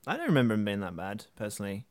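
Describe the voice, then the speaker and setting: A man with a lowish voice co-hosts a casual film podcast. His delivery is dry and jokey, and he laughs often. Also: huge pitch swings, very fast, no room sound. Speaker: podcast co-host.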